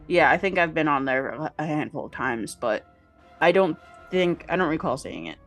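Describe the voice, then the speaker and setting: Low-voiced teasing woman podcaster. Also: animated, moderate pace, faint music behind. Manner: teasing, reads aloud from a book. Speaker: podcast co-host. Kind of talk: casual podcast chat.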